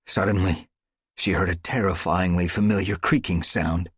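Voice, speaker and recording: A man reading a dramatic audiobook story with expressive, dramatic storytelling. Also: low-pitched, normal speed, husky, no room sound. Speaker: audiobook narrator. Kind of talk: audiobook narration.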